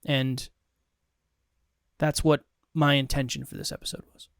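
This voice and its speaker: A man's voice: medium pitch, level tone, a little slow, creaky, smooth, dry recording, clean studio sound. A man co-hosting a podcast, talking casually in an upbeat, playful way. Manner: upbeat, playful wrap-up talk. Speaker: podcast co-host. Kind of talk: casual chat.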